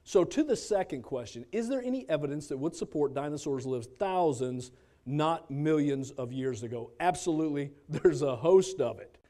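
A man's voice: a little high, animated, moderate pace, warm tone. A man giving a teaching talk to a church congregation, conversational and dropping wry asides. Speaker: church speaker.

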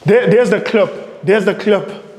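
A man preaching with a high, urgent voice, asking questions and then answering them himself. The sound is roomy and echoes with a long reverb. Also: a little slow, a little mellow. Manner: emphatic, repeats phrases, asks rhetorical questions. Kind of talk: sermon with readings.

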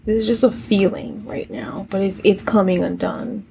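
A woman's voice: mid-range voice, fairly even intonation, moderate pace, vocal fry, dark tone, a little hiss or hum. A woman giving a casual tarot reading, musing aloud with rhetorical questions and reciting song lyrics. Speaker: tarot reader.

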